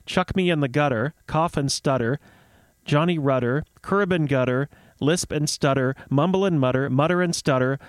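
A man's voice: on the high side, normal speed, dry recording. A man hosting a radio show in a playful, rambling and chatty way, mixing casual talk with storytelling.

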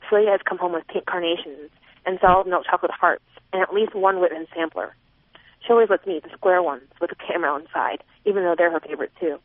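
A woman's voice: on the low side, dry recording. A woman narrating a first-person novel, expressively voicing a young girl's thoughts. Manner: expressive, voicing a twelve-year-old girl's inner thoughts. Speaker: audiobook narrator. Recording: narrow phone-like sound, dry.

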